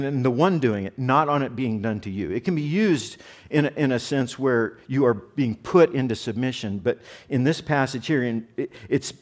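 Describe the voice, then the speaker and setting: A middle-aged man delivers a sermon in an earnest, explaining way. He often restarts and repeats words mid-thought. His voice sits at an ordinary middle pitch. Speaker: pastor.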